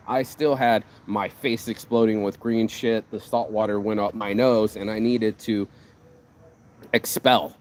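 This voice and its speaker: A man hosting his own vlog, giving a casual motivational rant in an animated, profane, rambling way, speaking outdoors on a city street. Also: fairly low pitch. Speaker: vlog host. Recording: outdoor street with passing traffic.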